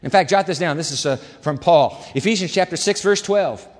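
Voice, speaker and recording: Male pastor preaching in a high-pitched, dramatic voice, recorded with long church-hall reverb. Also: fairly quick. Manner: animated, dramatic delivery with shifting volume. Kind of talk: sermon.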